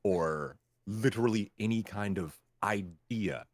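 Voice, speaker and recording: A man from Memphis, a voice actor guest telling animated stories about his work in a casual interview. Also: on the low side, measured pace, no echo. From Memphis, Tennessee. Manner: animated storyteller, acts out clients' lines.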